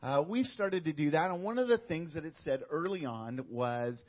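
Guy on a podcast telling a family story, bit high voice, muffled lo-fi sound. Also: lively intonation, moderate pace, few pauses. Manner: tells stories, acting out quoted dialogue. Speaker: missionary guest. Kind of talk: casual interview storytelling.

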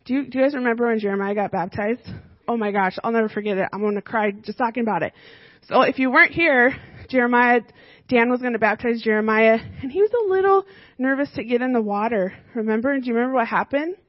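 High-voiced woman teaching a children's Bible lesson. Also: fast talker, dry recording, muffled recording. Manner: animated, asks children questions often.

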